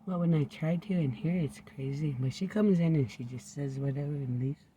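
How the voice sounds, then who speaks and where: A man's voice: on the high side, brisk, mellow, slight background noise. A man rambling into a home recording, drifting from topic to topic and often sinking to a near-whisper.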